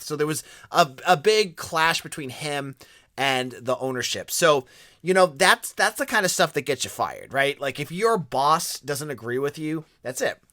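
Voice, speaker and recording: A man with a Boston accent talks through sports news as a podcast host, his voice bright and forceful as it swings widely in pitch. He is opinionated and casual, often restarting his sentences. The recording is dry and close. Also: dry recording.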